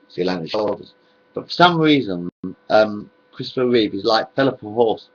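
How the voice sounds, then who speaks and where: A man's voice: fairly low pitch, animated, normal speed, highs cut off. A man, rambling on in a home video monologue, repeating himself and drifting between topics.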